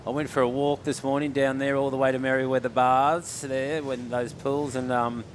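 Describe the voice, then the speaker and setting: A man co-commentating a surf contest, chatty and jokey with bursts of excitement. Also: medium pitch, normal speed, slight background noise. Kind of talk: live sports commentary.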